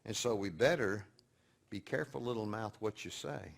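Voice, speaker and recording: A man giving a sermon-style teaching to an audience, telling stories and moving between quiet, hushed passages and loud, emphatic points. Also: fairly low pitch, normal speed, creaky. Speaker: speaker teaching a session.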